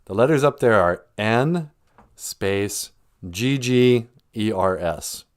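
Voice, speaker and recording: A man's voice: lowish voice, lively intonation, takes it slowly. Jokey rambling male podcast host. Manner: rambling, laughs often, jokey. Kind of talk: casual comedic monologue.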